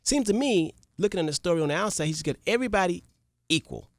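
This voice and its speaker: A radio talk show host retelling a parable to listeners, animated and repetitive, checking in with the audience. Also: medium pitch, fast talker, no echo, clean studio sound.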